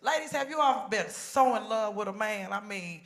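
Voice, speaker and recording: A woman doing a stand-up comedy routine on a talk show stage, telling stories in animated style and acting out the people she quotes. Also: mid-range voice, fairly quick, roomy sound. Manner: animated storytelling with exaggerated quoted voices.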